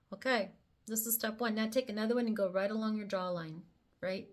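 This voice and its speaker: A woman's voice: medium pitch, fairly quick. A woman presenting a casual makeup tutorial, talking the viewer through each step with chatty, playful asides. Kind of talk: casual how-to demonstration.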